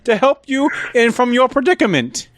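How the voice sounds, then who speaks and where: A man's voice: extremely high pitch, sing-song, moderate pace, background noise. A man playing a prim, pompous adventurer. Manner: formal, prim, easily offended. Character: fussy polite adventurer Lou, pompous, prim. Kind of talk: tabletop role-play.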